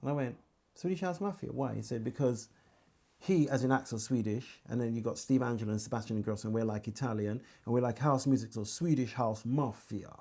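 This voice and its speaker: Speaking briskly at a medium pitch, a Birmingham singer from England spins lively anecdotes in a relaxed storytelling interview. His local accent comes through as he performs the dialogue and breaks into bits of song.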